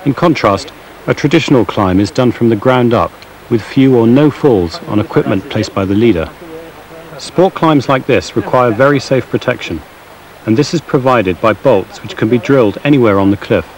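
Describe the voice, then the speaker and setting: A man giving measured, scripted documentary narration in a studio voice-over. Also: medium pitch, lively intonation, rough recording.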